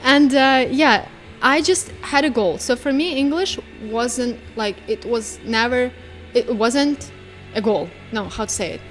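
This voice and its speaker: Chatty young Ukrainian woman, higher voice. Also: measured pace, soft background music. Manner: chatty, animated, searching for words. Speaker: podcast guest. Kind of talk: casual conversation.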